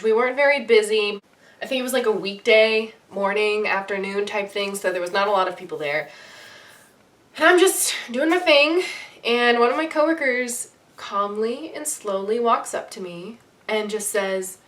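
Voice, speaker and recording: A young woman chats through a storytime at a middle pitch. She tells it in an excitable, animated way and fills it with likes and you-knows. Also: recorded from a distance. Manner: excitable, animated, full of fillers. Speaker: vlogger telling a story. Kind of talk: casual storytime.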